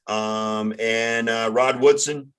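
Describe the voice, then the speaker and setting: A man hosting a casual sports talk show, halting and often stumbling over his words. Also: medium pitch, steady tone, a bit bright, clear, resonant tone. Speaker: sports podcast host.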